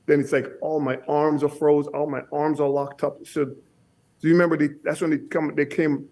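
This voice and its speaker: A man guest telling a story on a casual podcast, halting and often repeating his words. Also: fairly high pitch, little pitch movement, darkish tone. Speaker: guest bodybuilder.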